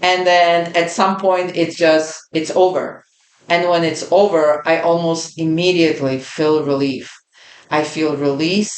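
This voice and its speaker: A woman's voice: low voice, steady tone, a little slow. A woman host recounting a personal experience in an earnest, vivid way, repeating phrases for emphasis. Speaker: podcast host. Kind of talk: personal storytelling. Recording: roomy echo.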